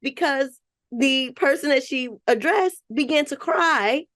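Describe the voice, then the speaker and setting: A woman's voice: high voice, measured pace, dry recording. Reflective woman therapist, dry sound. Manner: reflective, thinks aloud with restarts and soft laughs. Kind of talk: podcast conversation.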